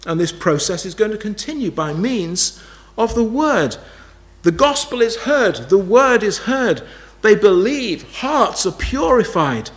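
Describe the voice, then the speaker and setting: A man's voice: sits high, big pitch swings, a little slow. A man preaching a sermon, emphatic, repeating key phrases and asking rhetorical questions.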